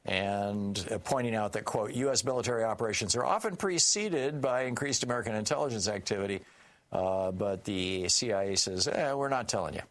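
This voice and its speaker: A man's voice: lowish voice, fairly quick. A man doing solo political commentary, reading news quotes aloud with indignant, sarcastic asides and many fillers.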